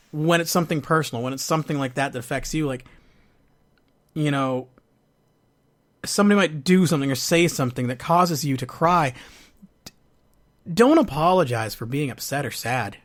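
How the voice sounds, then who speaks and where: A man hosting a podcast, speaking earnestly and haltingly about his own grief and hurt, with frequent restarts. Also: mid-range voice, expressive. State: going through a divorce, sad. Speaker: podcast host. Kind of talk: personal reflective monologue.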